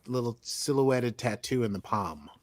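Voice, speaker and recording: A man's voice: medium pitch, animated, unhurried, a little mellow, no room sound. American guy on a podcast rambling about an episode, lots of uh and like. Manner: chatty, rambling, many fillers and restarts. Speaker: podcast co-host. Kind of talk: casual chat recapping a TV episode.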